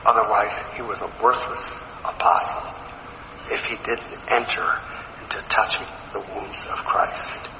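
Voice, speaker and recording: Slow, earnest man preaching in an echoey hall. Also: on the low side, steady tone, background noise. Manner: earnest, emphatic preaching with rhetorical questions. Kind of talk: sermon. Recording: echoey hall, slightly dull sound.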